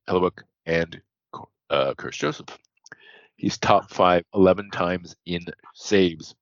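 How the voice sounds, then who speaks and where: A man's voice: low-pitched, no echo, muffled recording. A man co-hosting a casual podcast, reeling off statistics and correcting himself as he goes. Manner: reels off statistics, corrects himself mid-sentence. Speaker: podcast co-host. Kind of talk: casual stats-heavy podcast chat.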